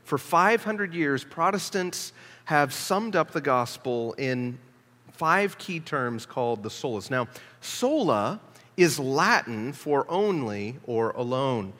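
A male pastor preaching a teaching sermon in earnest tones, often pausing with "uh" fillers. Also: medium pitch, big pitch swings, a bit bright, long reverb tail. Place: church sanctuary.

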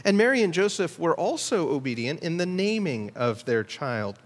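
A man preaching a sermon in a steady, teaching manner, slowing down to stress key words. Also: fairly high pitch, in a large hall. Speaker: pastor.

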